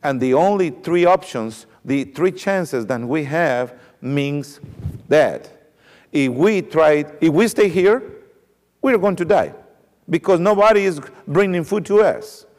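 A man's voice: fairly high pitch, slow. Man preaching in a reverberant hall. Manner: animated, repetitive, dramatic retelling. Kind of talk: sermon storytelling.

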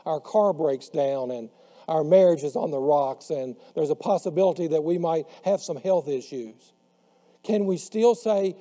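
A man preaching a sermon who slows down and drops his voice on the words he wants to stress. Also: fairly high pitch, mellow. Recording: long hall reverb.

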